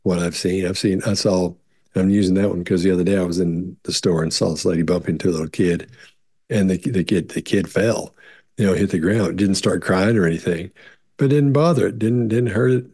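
Middle-aged guy answering questions, kinda husky and low, rambles and repeats himself a lot. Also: brisk, darkish tone. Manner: rambling, repeats words, many restarts and fillers; acts out quoted voices in higher pitch. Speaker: behavior analyst answering viewer questions. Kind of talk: casual explanatory talk.

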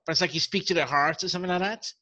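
A male interview host with a bright, forward voice, a little higher than most men. He talks casually and gropes for his words while thinking aloud. The audio is slightly dull and lo-fi. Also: racing. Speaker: podcast host. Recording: dull lo-fi recording.

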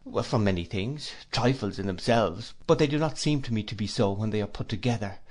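A man reading an audiobook, voicing a gentle, earnest young woman who speaks softly and steadily. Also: fairly low pitch, expressive, fairly quick.

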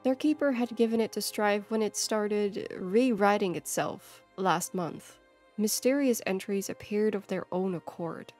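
A woman narrates a fantasy short story with measured, expressive pacing. Her voice sits at a middling pitch, with faint music behind her. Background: faint background music.

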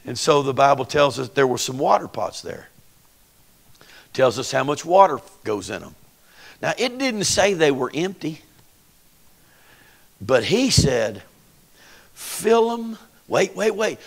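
Folksy preacher with a lively voice. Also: male voice, on the high side, takes it slowly, gravelly, pauses often. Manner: folksy, dramatic, acts out voices, call-and-response. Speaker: pastor. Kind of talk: Pentecostal sermon.

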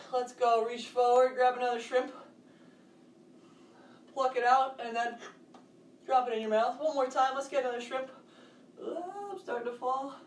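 A woman's voice: fairly high pitch, echoey room, recorded from a distance, a little hiss or hum. A woman coaching a home workout for kids, upbeat, counting reps and cheering the children on. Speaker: fitness coach. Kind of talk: kids' home workout class. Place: home, near a hallway.

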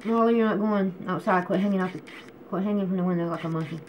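A woman's voice: medium pitch, quick pace, lo-fi sound, a little hiss or hum. Chatty woman vlogging at home. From North Carolina, USA. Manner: chatty, complaining, scolds her pet. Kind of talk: casual home vlog talk to camera.

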